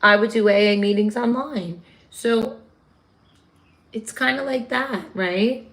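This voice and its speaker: A woman's voice: fairly high pitch, slow pace, a bit bright. Woman, New York accent, livestream host, chatty, answers viewer comments. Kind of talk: casual livestream chat reading viewer comments.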